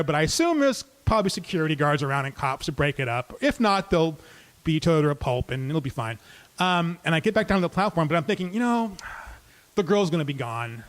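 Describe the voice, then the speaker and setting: A man tells a true story on stage with a wry, comic, conversational delivery. His voice sits high for a man.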